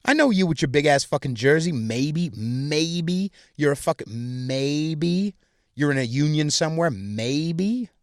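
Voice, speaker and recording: A man's voice: fairly high pitch, animated, a little slow, no echo. Profane ranting man, dry close sound. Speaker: podcast host. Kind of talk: crude solo comedic rant.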